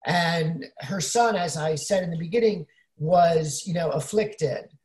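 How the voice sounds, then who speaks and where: A woman's voice: on the low side, unhurried, a little mellow, reverberant. A woman co-hosting a casual chat, explaining things at length and often saying "you know".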